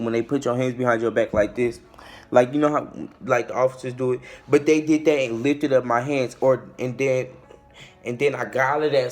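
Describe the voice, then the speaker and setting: A young man telling a casual storytime tale. He is animated and slangy, and he acts out the quotes and the shouting. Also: mid-range voice. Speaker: vlogger.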